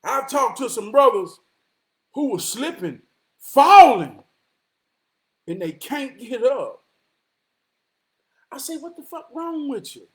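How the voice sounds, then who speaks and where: Very high-voiced man preaching real talk. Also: big pitch swings. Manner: emphatic, profane, often raises voice to a shout; repeats key lines slowly for weight. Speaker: motivational vlogger. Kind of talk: preachy motivational monologue.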